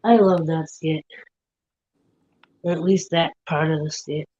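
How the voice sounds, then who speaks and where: A woman's voice: sits low, steady tone, unhurried, mellow, no echo, lo-fi sound. A woman hosting a casual livestream chat from her home room, telling stories in a rambling, giggly way.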